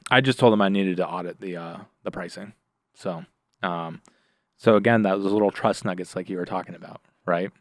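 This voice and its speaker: Low-voiced man telling stories. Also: normal speed, no echo, studio quality. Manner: animated, acts out the voices of people in his stories; many fillers and restarts. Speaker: guest. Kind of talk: casual storytelling in a podcast interview.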